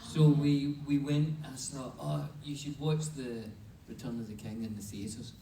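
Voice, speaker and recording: A man's voice: medium pitch, steady tone, measured pace, creaky, mellow, slight background noise. A middle-aged man on a film cast panel telling an easygoing, chuckling anecdote. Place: large convention hall. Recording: echoey hall, distant mic.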